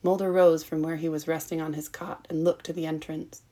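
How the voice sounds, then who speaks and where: A woman reading a fan-written story aloud as its narrator, in a measured, even way. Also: sits low. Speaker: story reader. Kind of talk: fanfiction audiobook narration.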